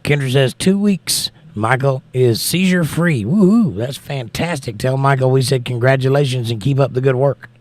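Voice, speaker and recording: A man's voice: mid-range voice, moderate pace, hardly any pauses, a little mellow. A man hosting a livestream, reading viewer comments aloud and answering them in casual chat.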